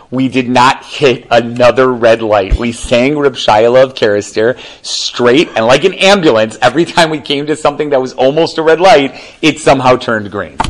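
A man's voice: medium pitch, rough recording. Man, religious teacher, loose storytelling delivery, keeps asking the group if they follow. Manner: chatty, animated, checks in with listeners. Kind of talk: casual storytelling lesson.

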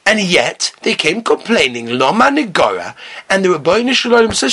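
Animated high-voiced man giving a sermon. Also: fairly quick, vocal fry, breathy edge. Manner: animated storytelling with Hebrew and Yiddish terms, rising to impassioned calls. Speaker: rabbi giving a Torah talk.

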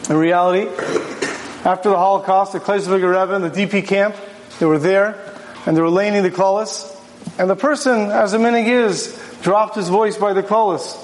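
A man's voice: high-pitched, steady tone, moderate pace. A man, a rabbi, giving a conversational Torah class, telling stories and posing rhetorical questions. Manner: storytelling, poses rhetorical questions. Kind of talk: conversational religious lecture.

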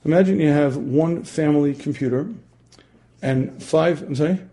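A man teaching a religious class who often clears his throat and asks his listeners questions. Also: fairly high pitch, moderate pace, mellow.

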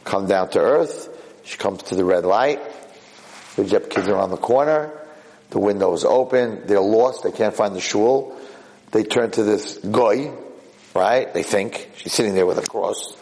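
A man tells a story in a lecture, animated and repetitive, jumping far up in pitch to stress moments. His usual voice sits low with a gravelly edge. He circles back on phrases as he goes. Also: measured pace. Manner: animated, leaps high in pitch for emphasis. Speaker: Jewish lecturer.

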